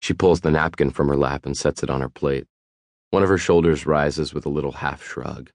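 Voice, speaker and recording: A man narrating a first-person audiobook in a wry, even storytelling manner. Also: a bass voice, moderate pace, no room sound.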